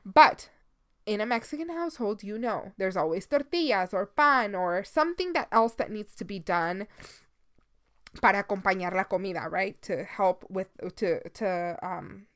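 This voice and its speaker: A woman's voice: mid-range voice, animated, moderate pace, a bit bright. Candid, sleepy woman podcaster. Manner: candid, confessional, swears freely; drops into Spanish phrases. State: sleepy, yawning. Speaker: podcast host. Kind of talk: casual solo podcast monologue.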